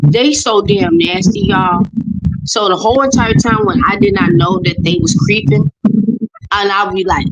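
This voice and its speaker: A woman's voice: mid-range voice, unhurried, dull audio. A woman talking in a blunt, emphatic way, often swearing, telling a personal story in casual chat on a noisy stream.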